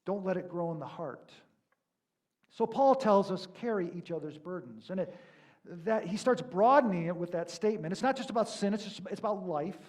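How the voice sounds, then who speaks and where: Preacher with a high voice, conversational and emphatic. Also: male voice, animated, moderate pace. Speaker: pastor. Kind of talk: sermon.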